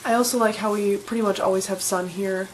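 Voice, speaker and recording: A woman's voice: mid-range voice, steady tone, brisk, a little hiss or hum, rough recording. A young woman in her twenties, chatting casually and enthusiastically as she answers questions in a vlog. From Colorado, USA. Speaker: vlogger.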